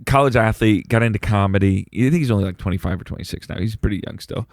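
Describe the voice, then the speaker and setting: A man's voice: fairly low pitch, fast talker, creaky, no room sound, clean studio sound. A man co-hosting a podcast in casual chat, repeating words as he starts his thoughts. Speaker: podcast co-host.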